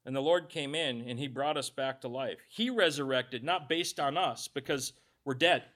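A man's voice: mid-range voice, moderate pace, a bit bright. A male pastor giving a conversational sermon, reading scripture aloud and adding joking asides.

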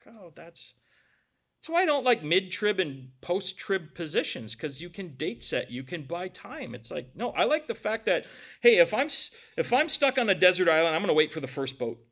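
Middle-aged guy preaching, bright voice, kinda high, chatty asides. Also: sing-song, moderate pace, creaky. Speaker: pastor. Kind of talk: sermon.

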